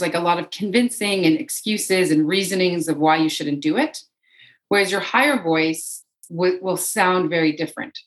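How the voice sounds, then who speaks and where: A woman with a fairly low voice talks through spiritual ideas as a guest on a podcast. She explains earnestly and circles back on her own phrases for emphasis. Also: low-quality recording. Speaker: energy healer, podcast guest. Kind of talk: conversational interview.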